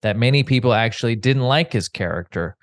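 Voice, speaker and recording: A male podcast host reading listener letters aloud, halting and hesitant over names. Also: mid-range voice, lively intonation, dry recording, studio quality.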